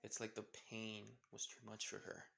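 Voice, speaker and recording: A man's voice: lowish voice, monotone, moderate pace, vocal fry, sharp tone. A man improvising a fan story, rambling along and stringing scenes together with restarts. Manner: rambling, heavy use of "with, of course" and restarts.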